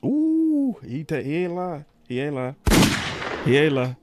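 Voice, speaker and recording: A man's voice: fairly high pitch, huge pitch swings, a little slow, heavy background noise. A man co-hosting a watch-party stream, teasing and chiming in playfully. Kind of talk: casual chat.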